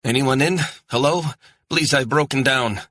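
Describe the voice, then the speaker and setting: A man's voice: on the low side, brisk, pushed and bright, breathy edge, no room sound, studio quality, pitched above the performer's own voice. A man voicing a young, educated Scottish woman who is stranded and apologetic, speaking in a pleading, earnest way. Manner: pleading, rising urgency, apologetic.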